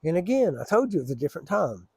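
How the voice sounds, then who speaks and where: Man, fairly high voice, dry close sound, loose profane storytelling. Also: big pitch swings, fast talker, dark tone, breathy edge, no room sound. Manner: rambling, profane, laid-back. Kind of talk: casual storytelling.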